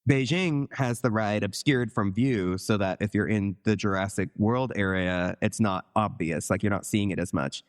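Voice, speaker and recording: A man's voice: fairly low pitch, moderate pace, hardly any pauses. A man co-hosting a theme park podcast, chatting conversationally and often leaning on "like". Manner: conversational, leans on "like". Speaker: podcast co-host. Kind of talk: casual podcast discussion.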